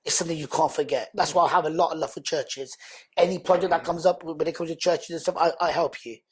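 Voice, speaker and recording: A man, a guest on a podcast, telling his life story in an earnest, animated, conversational way. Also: on the high side, fast. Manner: animated, earnest, acts out quoted speech loudly.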